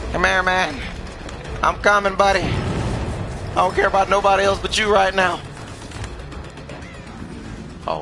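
A man hosting a gaming channel, giving excitable live commentary over gameplay, trash-talking the other players and laughing often. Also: sits high.

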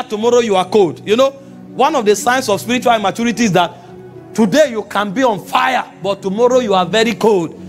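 A Nigerian man preaching with an unusually high voice for a man. He delivers his sermon with lively, animated energy and often rises to shouts. Soft music plays faintly behind him. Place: church meeting.

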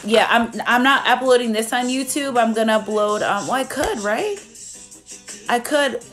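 A young woman reads tarot cards live for her viewers in a loose, chatty way. Her voice sits a little high, and she is blunt and swears without holding back. Faint music plays in the background. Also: animated, normal speed, a bit bright. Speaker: tarot reader. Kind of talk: casual live tarot reading.

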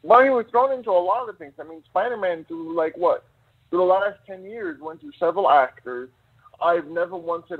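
A man's voice: high-pitched, normal speed, husky. A man in casual live-stream chat, rambling and piling up examples as he talks. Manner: chatty, rambling, piles up examples. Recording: tinny phone line.

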